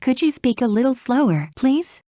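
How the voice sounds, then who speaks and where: A woman reading everyday English phrases aloud one by one, in a measured drill with a pause after each phrase. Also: high voice, very animated, warm tone, no room sound. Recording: dull lo-fi dry recording.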